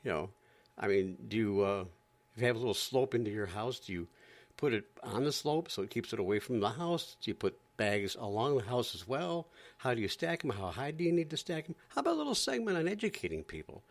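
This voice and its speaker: A man's voice: medium pitch, big pitch swings, fairly quick. A man hosting a podcast, ranting in an exasperated, sarcastic way and often repeating himself. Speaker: podcast host. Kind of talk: ranting commentary.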